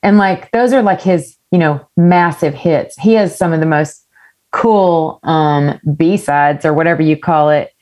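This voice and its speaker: A woman's voice: low-pitched, a little slow, darkish tone. A woman singer-songwriter telling a story in a casual interview, candid and rambling, with the odd curse word. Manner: candid, rambling storyteller who swears freely.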